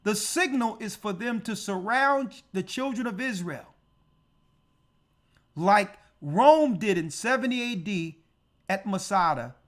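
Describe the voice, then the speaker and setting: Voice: mid-range voice, animated, takes it slowly, fairly bright tone. A church elder preaching on prophecy, emphatic and full of rhetorical questions. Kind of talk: prophecy teaching sermon.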